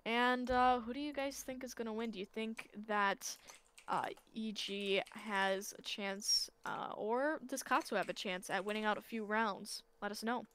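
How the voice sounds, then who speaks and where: A woman's voice: on the high side, normal speed, few pauses, a bit bright, slight background noise. A tired woman casting an esports match live, chatty and breaking into small laughs as she talks through the picks. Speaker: esports caster.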